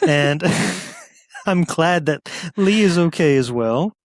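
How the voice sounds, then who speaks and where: A man's voice: fairly high pitch, lively intonation, takes it slowly, no echo, clean studio sound. A man co-hosting a casual podcast, talking in an easygoing, chatty way and chuckling now and then. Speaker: podcast co-host. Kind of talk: casual chat.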